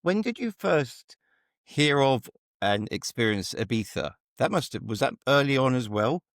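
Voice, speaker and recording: A man's voice: mid-range voice, animated, unhurried, dry recording, studio quality. A man hosting a podcast interview, affirming his guest and asking questions with hesitations. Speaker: podcast host. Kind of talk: casual interview.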